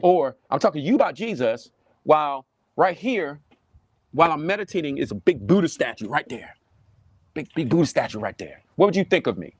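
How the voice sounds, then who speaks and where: A man preaching to camera in a Southern US accent, animated and mocking, often repeating himself. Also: on the high side, brisk, slightly rough, no echo, clean studio sound. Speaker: pastor. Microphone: webcam or phone on a desk, livestream.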